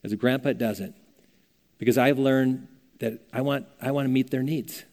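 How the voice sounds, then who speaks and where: A man's voice: mid-range voice, steady tone, moderate pace, a little mellow. An older man preaching a sermon as a pastor, earnest and conversational, telling stories as he teaches. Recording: long reverb of a church hall.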